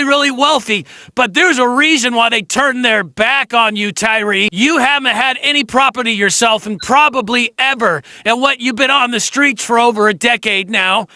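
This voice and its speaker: A man's voice: very high-pitched, bright, forceful tone, no room sound. A man hosting a commentary video, mocking and lecturing in a sarcastic tone with some ums. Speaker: commentary host.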